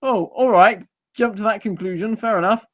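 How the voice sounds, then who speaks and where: A man's voice: high-pitched, moderate pace, fairly bright tone, dull audio, voice pushed up. A man putting on an offhand young woman. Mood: unfazed. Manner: breezy, shrugging, offhand exclamations. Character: unflappable young woman companion, blunt and casual.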